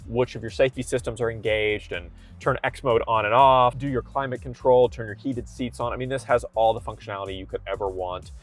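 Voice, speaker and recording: A man's voice: mid-range voice, fairly even intonation, brisk, hardly any pauses, soft background music. A man from Kentucky giving an upbeat, conversational walkaround review from inside a car cabin.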